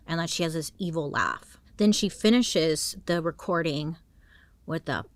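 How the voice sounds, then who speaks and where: A woman's voice: deep voice, a little slow, dry recording. A woman telling a true crime story in a casual, slangy way, often dropping into dramatic whispers.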